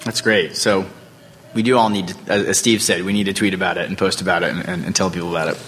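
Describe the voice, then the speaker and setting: Casual low-voiced male interviewer, faint noise. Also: steady tone, fast, fairly bright tone. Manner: loose and conversational, rising when asking.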